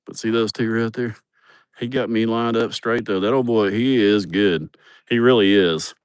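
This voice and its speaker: A man's voice: fairly low pitch, steady tone, normal speed, clean tone, no room sound. Profane man rambling outdoors. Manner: rambling and profane, laughs at his own stories. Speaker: vlogger showing a building project. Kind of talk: casual livestream chat. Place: outdoors at a building site.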